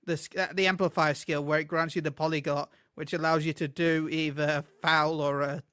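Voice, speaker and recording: Man, high bright voice, excitable, laughs a lot, stumbles over words, dry close sound, casual podcast co-host. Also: a little fast, clean tone, no room sound. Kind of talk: casual gaming chat.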